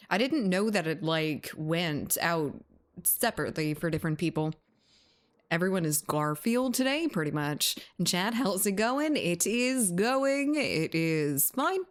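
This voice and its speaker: A woman game streamer chatting casually and playfully, greeting her live chat viewers by name one after another. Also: medium pitch.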